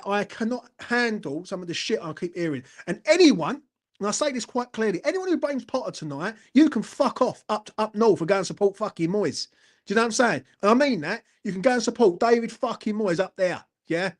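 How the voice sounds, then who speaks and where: A man, hosting a fan channel and ranting angrily after a match, swearing hard and repeatedly checking that the listener follows him, talking from indoors at a relative's house. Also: high voice. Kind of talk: angry post-match rant.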